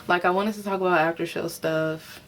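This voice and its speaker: A woman's voice: on the low side, steady tone, fairly quick, a bit bright, slight background noise. Tired, rambling woman recapping TV. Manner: rambling, filler-heavy, profane, giggly. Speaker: reality TV recapper. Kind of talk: casual unscripted episode review.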